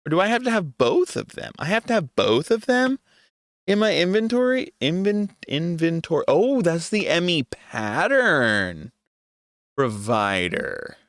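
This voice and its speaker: A man's voice: on the high side, big pitch swings, a little slow, fairly bright tone, dry recording, studio quality. A young adult man giving casual gameplay commentary, talking to himself in an exasperated, joking way. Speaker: gaming video creator.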